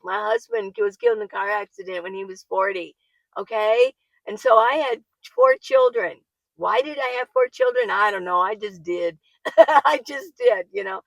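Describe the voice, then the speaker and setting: Gravelly-voiced woman chatting about van life. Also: medium pitch, fairly bright tone, no room sound, poor audio. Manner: chatty, laughs often, gets worked up. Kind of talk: casual talk to camera, reading viewer comments. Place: living in her minivan.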